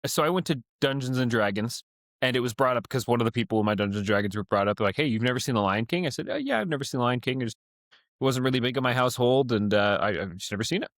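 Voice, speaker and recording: A man's voice: mid-range voice, lively intonation, fast talker, no echo, clean studio sound. A young man co-hosting a podcast, talking in easygoing casual chat. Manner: easygoing, brief replies. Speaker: podcast co-host.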